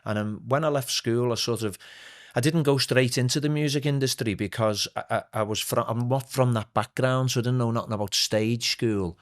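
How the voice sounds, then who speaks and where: A man's voice: mid-range voice, brisk. Middle-aged Liverpool man, podcast guest, chatty storyteller who slips into put-on voices. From Liverpool, England. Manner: animated anecdotes with put-on voices and laughs. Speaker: podcast guest, swing singer. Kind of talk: casual storytelling chat.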